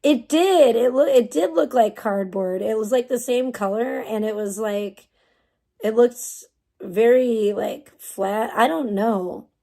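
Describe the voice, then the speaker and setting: Speaking slowly in a high-ish, creaky, mellow voice, a young woman from the United States chats on a livestream. She curses often and talks back to her chat with a bemused, exasperated air.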